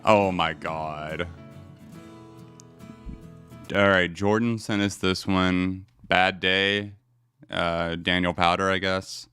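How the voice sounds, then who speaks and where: Bright-voiced man reacting incredulously. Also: sits low, steady tone, slow pace, long pauses. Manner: incredulous, swearing, laughing often. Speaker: streamer reacting to songs. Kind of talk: casual live-stream reaction commentary. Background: faint music playing.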